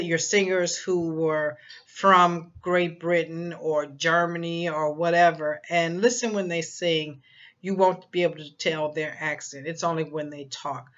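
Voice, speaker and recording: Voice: mid-range voice, fairly bright tone, lo-fi sound. A psychic reader giving a casual spoken prediction, rambling and emphatic, with many fillers and repeated phrases.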